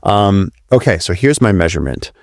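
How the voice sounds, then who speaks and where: A man, a wildlife adventurer, telling an excited story in a podcast interview, with many restarts and swearing. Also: deep voice, normal speed, gravelly, dry recording.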